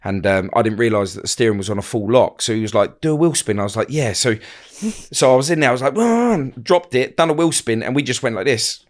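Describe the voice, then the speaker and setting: A man speaks in a somewhat low register as an interview guest. His telling is loose and halting, full of fillers and false starts as he works through his memories. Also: steady tone. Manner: rambling, halting, many fillers and restarts. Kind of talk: casual storytelling interview.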